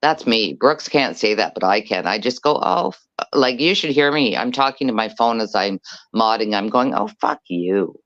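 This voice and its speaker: A woman's voice: very deep voice, lively intonation, moderate pace, a bit bright, highs cut off. A woman guest on a casual panel chat who moderates the chat, self-deprecating and blunt, laughing often.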